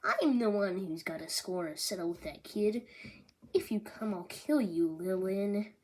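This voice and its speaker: A brutal pirate emperor issues a threat in a flat, even delivery, as a woman puts him on in close to her own voice. A steady hiss runs under the recording. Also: medium pitch, measured pace, natural voice. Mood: threatening. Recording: noisy recording.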